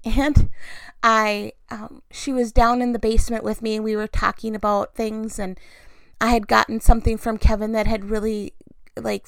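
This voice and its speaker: A woman telling family stories in a relaxed, casual way, acting out the voices of the people she quotes and laughing often. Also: fairly high pitch, creaky, no echo. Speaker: storyteller sharing family memories. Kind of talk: casual personal storytelling.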